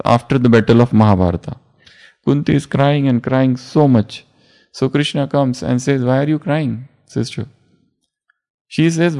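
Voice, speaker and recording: A man giving a spiritual discourse as a teacher, unhurried and repeating words for emphasis. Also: mid-range voice, darkish tone.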